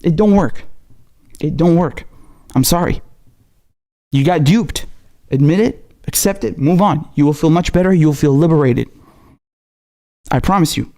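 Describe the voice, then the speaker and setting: A man who isn't from America rants at his audience, heated and scolding, repeating himself and swearing at every turn. His voice sits slightly high but has a mellow, warm tone. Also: moderate pace, long pauses. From not American. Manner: profane, scolding, repetitive and heated. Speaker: political commentator. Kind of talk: angry ranting monologue.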